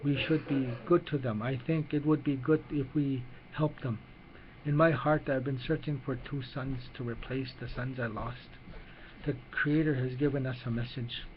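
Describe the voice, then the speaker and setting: A man voicing a kind grown warrior leader who speaks gently and earnestly, in a storybook reading. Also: medium pitch, steady tone, normal speed, muffled recording, a little hiss or hum, close to an everyday voice.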